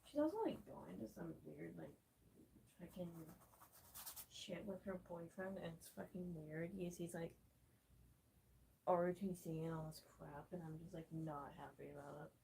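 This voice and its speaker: A woman's voice: on the low side, fairly even intonation, moderate pace, vocal fry, mellow, slight background noise, poor audio. A young woman rambling and swearing in casual commentary, talking back at a tutorial video while she paints. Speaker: gaming vlogger.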